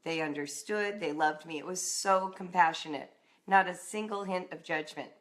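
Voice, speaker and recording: A middle-aged woman from Southern California tells a personal story. She talks in a slightly low voice and stays animated, acting out the voices of the people in the story. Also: normal speed. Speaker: writing and homeschooling coach.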